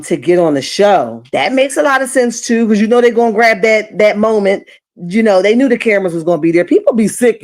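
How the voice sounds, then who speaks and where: A woman hosting a casual reality TV recap, retelling scenes dramatically and putting on the cast's voices. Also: mid-range voice. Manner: animated, dramatic retelling with acted quotes.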